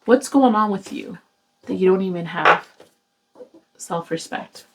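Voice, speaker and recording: A woman's voice: fairly low pitch, a little slow, background noise. Blunt, exasperated woman tarot reader. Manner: blunt, exasperated, swears often, lectures viewers. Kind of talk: casual tarot reading to camera.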